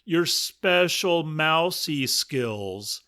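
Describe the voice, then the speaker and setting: A man voicing a big, arrogant lion in a storybook comedy, talking loud and mocking. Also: fairly high pitch, lively intonation, drawn-out words, pitched above the performer's own voice, full character voice.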